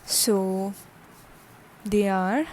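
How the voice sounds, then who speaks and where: A woman's voice: mid-range voice, steady tone, drawn-out words, darkish tone, slight background noise. A woman teaching a French lesson, repeating each word, spelling it out letter by letter and checking in with "okay?" again and again. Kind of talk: slow explanatory language lesson.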